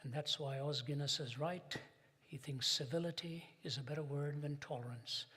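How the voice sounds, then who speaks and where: Husky older man lecturing in a hall. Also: fairly high pitch, fairly even intonation, sharp tone. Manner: emphatic storyteller with dramatic pauses. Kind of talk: public lecture. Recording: long hall reverb.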